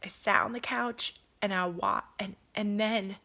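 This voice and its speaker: An earnest woman records a personal video from home, her voice bright and forward. She repeats herself and often sinks to a hushed whisper. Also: mid-range voice, fairly even intonation, a little slow, creaky. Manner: repetitive, earnest, drops to whispers. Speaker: vlogger. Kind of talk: emotional personal video talk.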